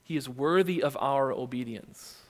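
A male pastor preaching a sermon, retelling the text with animated storytelling and rhetorical questions, in a long-reverb hall. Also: mid-range voice, moderate pace.

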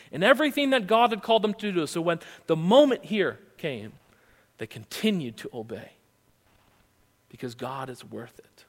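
A male pastor delivers a sermon with a notably high voice, asking his listeners questions as he retells the story. His words ring out with a long reverb in a big hall. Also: normal speed. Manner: animated storytelling with rhetorical questions.

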